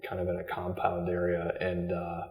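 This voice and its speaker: A man with a very low voice talks through his story slowly, stopping often and repeating words. He sounds thoughtful and unhurried. The room around him is echoey, with a long reverb tail. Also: completely flat delivery, darkish tone. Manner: halting, many ums and repeated words. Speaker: Jesuit guest. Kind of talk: reflective interview storytelling.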